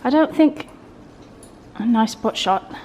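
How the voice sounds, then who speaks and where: Chatty woman vlogger, slightly high voice. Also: animated, takes it slowly, darkish tone, slight background noise. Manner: chatty, coos at her pets in a sing-song voice. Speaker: lifestyle vlogger. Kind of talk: casual home vlog chat. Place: at home.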